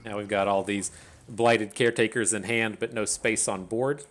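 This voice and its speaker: A man's voice: fairly low pitch, fairly even intonation, moderate pace, fairly bright tone. A man giving casual, rambling commentary on his own card game match, often restarting sentences and mocking his own misplays. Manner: rambling, self-deprecating, stammers and restarts. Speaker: gaming streamer.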